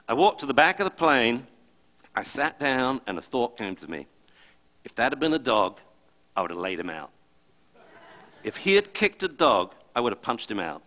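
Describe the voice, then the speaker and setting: Male speaker, dog trainer, stage talk; bright, animated storyteller, on a mic with a dull, muffled sound. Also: mid-range voice. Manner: animated storyteller who acts out quotes. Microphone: body or handheld mic.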